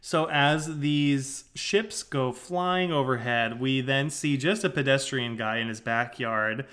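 A man co-hosting a casual podcast, recapping a comic book with quick, laid-back asides. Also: medium pitch, fairly bright tone. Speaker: podcast co-host.

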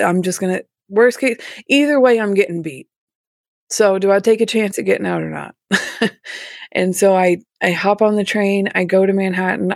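Candid woman with a gravelly voice. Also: mid-range voice, a little mellow, no room sound, clean studio sound. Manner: candid, emotional storytelling with nervous laughs. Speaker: interview guest. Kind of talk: personal story told in an interview.

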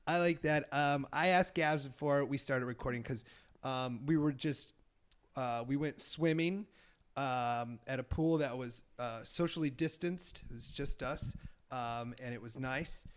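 A man's voice: mid-range voice, measured pace, clean tone. A young man hosting a podcast in casual chat, teasing his guest and laughing often. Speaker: podcast host.

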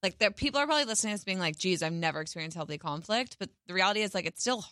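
A woman's voice: lowish voice, lively intonation, rapid-fire, pushed and bright, no echo, clean studio sound. A woman in casual podcast chat, speaking frankly and conversationally.

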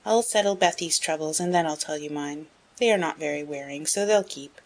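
A woman reading a spirited, frank, headstrong young woman in an audiobook, in a brisk, emphatic way. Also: deep voice. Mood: cheerful. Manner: brisk, emphatic, rising to excited outbursts.

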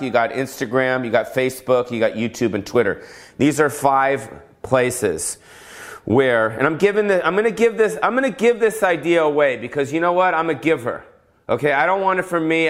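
A man hosting his own podcast, ranting in a rambling, goofy, profane comedic monologue full of stammers. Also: medium pitch. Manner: drawn-out stammers and repeated filler sounds. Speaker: podcast host. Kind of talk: solo comedic rant.

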